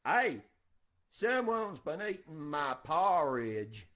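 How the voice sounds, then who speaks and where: Woman putting on a booming deep papa bear. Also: sing-song, slow pace, a bit bright, exaggerated voice. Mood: indignant. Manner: booming, indignant. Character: gruff big father bear, protective.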